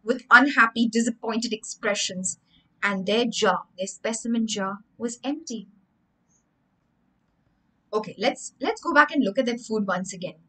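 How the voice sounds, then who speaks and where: A woman's voice: a little high, unhurried, bright, forceful tone, low-quality recording. A young woman, reading a story aloud on a livestream and rephrasing each line in simpler words for children. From India. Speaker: storyteller and English teacher.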